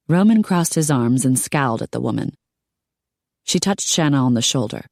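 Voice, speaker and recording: A woman narrating an audiobook in a steady storytelling manner. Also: a bass voice, moderate pace, dry recording, clean studio sound. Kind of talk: scripted narration.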